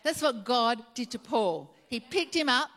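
A woman's voice: a little high, animated, a little slow, fairly bright tone. A woman preaching a sermon, retelling a story earnestly and repeating her key phrases for emphasis.

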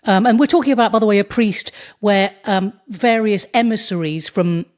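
A woman in a relaxed interview, telling stories with lots of animation. Her voice sits in a middle range, and she keeps slipping into put-on voices for the people she describes. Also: mid-range voice, normal speed. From England. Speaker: guest comedian. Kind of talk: casual interview chat.

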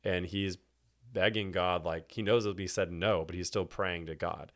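A young Texan man who is a candidate for church elder talks about faith in an indoor room with a host. His low voice stays steady at a normal pace, but he rambles casually, restarting often, using many fillers and laughing a lot.

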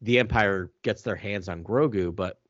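A man's voice: on the low side, normal speed, no room sound. A man co-hosting a casual fan podcast, with a delivery that slips into a newscaster style. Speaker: podcast co-host. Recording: dry, dull lo-fi sound.

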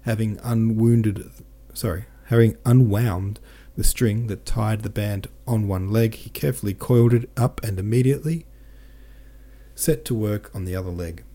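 Deep, mellow male audiobook narrator. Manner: steady, measured reading with small self-corrections. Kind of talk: scripted narration of a novel.

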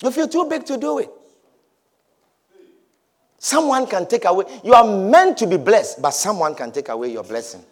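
A man preaching a sermon, repeating his points emphatically and swinging between loud declarations and hushed low lines. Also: sing-song, moderate pace, pauses often. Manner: repetitive, emphatic, swings from shouts to low murmurs.

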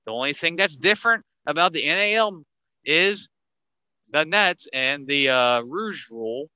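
A man hosting a casual sports podcast, talking in an animated way that gets higher when he drives a point home. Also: a little slow, clear, resonant tone, dry recording, low-quality recording. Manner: animated, rising pitch when making a point. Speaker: podcast host.

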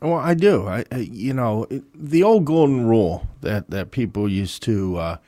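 A man's voice: mid-range voice, sing-song, normal speed, mellow, no room sound, clean studio sound. A married man co-hosting a talk show, answering in a laid-back, agreeable way. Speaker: podcast co-host. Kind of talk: casual chat.

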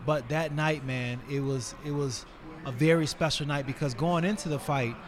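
A man in his forties, a retired fighter, tells stories as a podcast guest in an animated, casual way, with many fillers. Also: on the high side, moderate pace, a crowd in the background. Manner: animated, filler-heavy, acts out scenes with raised voice. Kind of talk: casual storytelling in conversation.

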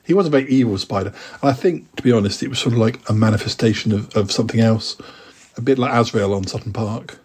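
A man's voice: on the low side, fast talker, a little mellow, husky. A middle-aged man hosting a podcast, chatting hesitantly with many fillers and reading his own poems aloud. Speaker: podcast host and poet. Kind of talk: casual chat and poetry reading.

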